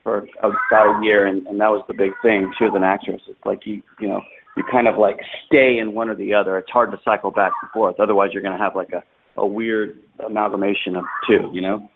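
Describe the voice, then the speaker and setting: A man's voice: on the low side, flat delivery, a little fast, noisy background. Man rambling over a tinny phone line. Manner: rambling, many fillers and restarts. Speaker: podcast co-host. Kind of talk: casual chat.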